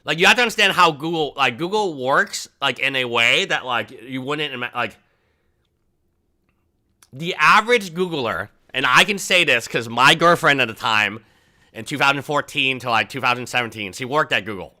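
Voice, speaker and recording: A man hosting a livestream, chatting casually and rambling, often mimicking people in a high mocking voice. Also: expressive, normal speed, bright, forceful tone. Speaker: livestream host.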